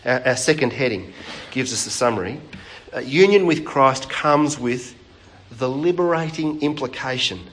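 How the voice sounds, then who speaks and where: A man's voice: mid-range voice, expressive, normal speed, fairly bright tone. A man preaching a sermon in a church, conversational and chatting with the congregation, often restarting phrases.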